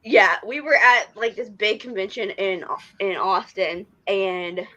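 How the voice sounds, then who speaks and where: A woman co-hosting a podcast, telling a story in lively casual chat and often restarting her sentences. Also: mid-range voice, a little slow, rough recording. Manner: animated storyteller, trails off and restarts. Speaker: podcast co-host.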